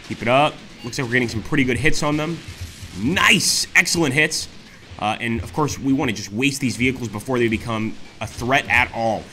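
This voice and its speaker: Excitable man narrating a war game. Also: mid-range voice, brisk, soft background music. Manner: excitable, exclaims often, addresses viewers as guys. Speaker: gaming channel host. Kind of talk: let's play commentary.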